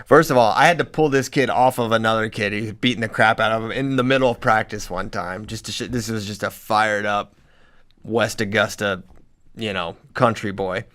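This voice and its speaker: A young man who coaches wrestling, chatting casually on a podcast and telling animated stories, laughing along as he talks. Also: lowish voice, a little fast. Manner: animated storyteller, laughs through his own stories.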